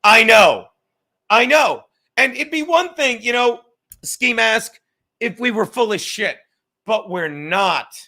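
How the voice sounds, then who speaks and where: A man with a high, bright voice rants and swears as he hosts a rambling live stream, calling out chatters by name. He sounds loose and a little drunk, going from sarcastic jabs to preachy lectures without a break. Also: slow. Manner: profane, ranting, sarcastic, addresses chatters by name. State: says he is drunk. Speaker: podcast host reading live chat.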